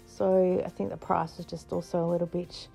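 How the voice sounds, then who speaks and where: A woman's voice: on the low side, flat delivery, moderate pace, creaky, mellow, soft background music. A middle-aged Australian woman chatting casually in a vlog, laughing often and retelling moments with playful voices. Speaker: frugal living vlogger.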